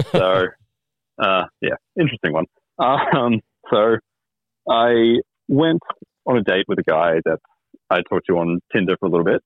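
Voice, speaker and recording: A man's voice: fairly low pitch, expressive, measured pace, pauses often, no echo. A man telling a dating story as a guest, wry and hesitant with many ums. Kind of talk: casual storytelling. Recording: tinny phone line.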